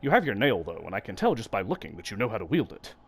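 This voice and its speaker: A man's voice: lowish voice, sing-song, fast, a little hiss or hum. A man voicing a friendly old male bug shopkeeper from a video game, speaking kindly and politely.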